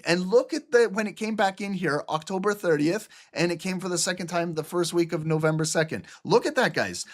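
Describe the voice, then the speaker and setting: Man from Albania, lively live-stream trading instructor, slightly higher voice, casual and repetitive. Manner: animated, repeats "okay?" and "look", casual swearing. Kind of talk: live screen-share trading lesson.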